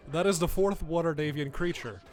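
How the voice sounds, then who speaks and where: Host, male, young adult: casual live gameplay commentary, chatty, frequent laughter, slightly raised pitch. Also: normal speed, a little mellow. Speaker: streamer host.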